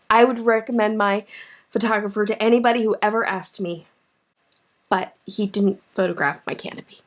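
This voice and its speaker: Emotional woman knitter telling a story. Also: mid-range voice. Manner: animated, emotional, laughs often. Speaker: knitting vlogger. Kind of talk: casual storytelling to camera.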